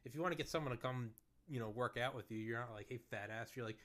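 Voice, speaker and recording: A male podcast host talks at a quick clip and keeps things casual. His language is profane, and he sounds like he is riffing with a friend. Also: mid-range voice, a bit bright, slight background noise. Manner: fast-talking, laughs along, profane. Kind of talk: casual chat.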